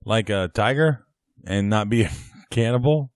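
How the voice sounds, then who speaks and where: A man's voice: lowish voice, expressive, normal speed, no room sound. A man co-hosting a comedy podcast, chiming in with short replies and dry quips in casual banter. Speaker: podcast co-host.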